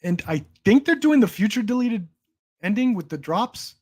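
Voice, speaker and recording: A man's voice: high voice, lively intonation, moderate pace, darkish tone. Rambling young man chatting on a stream. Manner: rambling, restarts, swears, laughs often. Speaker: stream host. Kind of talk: casual livestream chat.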